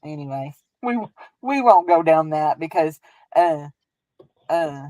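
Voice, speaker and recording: A woman's voice: low voice, lively intonation, takes it slowly, dark tone, dry recording, low-quality recording. A woman with a Southern US accent who hosts a crafting stream, chatting casually in a rambling, folksy way and laughing often. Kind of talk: casual chat while crafting.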